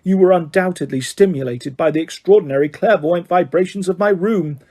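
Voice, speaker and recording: A man's voice: high-pitched, fairly quick, a little mellow. A man voicing an eccentric female divination teacher in an audiobook, speaking dramatically and insistently. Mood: insistent mystical.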